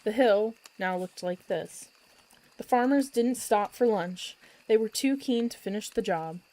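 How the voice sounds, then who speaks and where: A woman narrates a children's book as a bedtime story, with expressive and lively delivery. She reads steadily as a storyteller at a medium pitch. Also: unhurried, rough recording.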